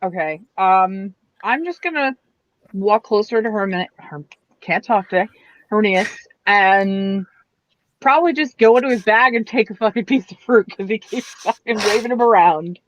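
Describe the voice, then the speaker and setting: Woman player, lively voice, blunt, swears a lot, dry sound. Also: medium pitch, moderate pace, dry recording, poor audio. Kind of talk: casual chat.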